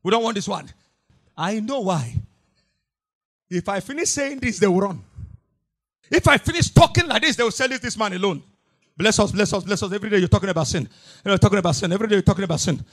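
A middle-aged man preaching a fiery sermon. He repeats his lines, swings from hushed to shouting in a sing-song cadence, and bursts into tongues. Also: sits high, animated, fast.

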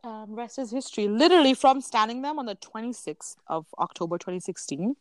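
A young woman from Canada chatting casually, telling a story in an animated way, acting out her own quotes and laughing often. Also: a little high, fairly quick, no echo. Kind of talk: casual chat.

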